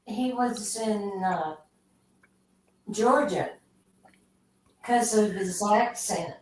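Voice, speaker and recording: A woman's voice: medium pitch, extremely slow, far from the mic. A woman chatting casually and hesitantly on a livestream. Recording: echoey room with faint noise.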